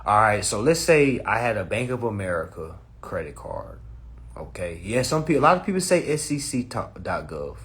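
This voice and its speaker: A man hosting a casual livestream on his phone, talking in a preachy, animated way, cursing freely and laughing at his own points. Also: fairly low pitch, moderate pace. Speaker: livestream host.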